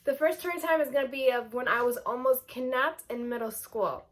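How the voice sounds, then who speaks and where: A young adult woman telling a personal story in a casual, animated vlog style, full of "like" and asides. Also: high-pitched, brisk. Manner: chatty, animated, filler-heavy with lots of "like". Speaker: vlogger.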